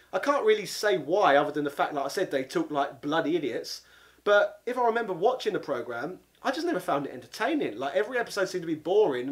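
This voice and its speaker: A man, delivering an exasperated comedic rant as a game reviewer. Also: high-pitched. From London, England. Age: 30s. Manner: exasperated, indignant, peppered with 'bloody'. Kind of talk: comedic ranting monologue.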